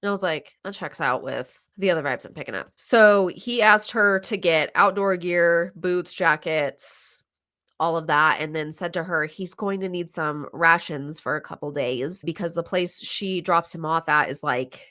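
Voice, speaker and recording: A woman hosting a casual podcast, retelling a true crime story with lively acted-out quotes and some swearing. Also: fairly low pitch, measured pace. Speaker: podcast host recapping a true crime show. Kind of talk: casual chat.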